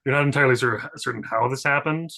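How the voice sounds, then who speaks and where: A man's voice: medium pitch, quick pace, gravelly, sharp tone. A man narrating as game master in a tabletop game, chatty and loose, with plenty of fillers.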